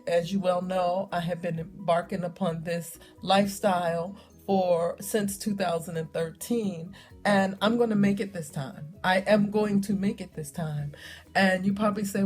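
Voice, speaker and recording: A woman's voice: medium pitch, darkish tone. A middle-aged woman vlogging to camera in a chatty storytelling way, full of ums and emphatic repeats. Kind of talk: casual talk to camera.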